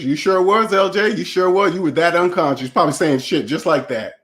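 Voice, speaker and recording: A man's voice: on the high side, a little fast, a bit bright. A man hosting a livestream, ranting in a preachy, mocking way while reading chat, with a voice still getting over a cold. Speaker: channel host.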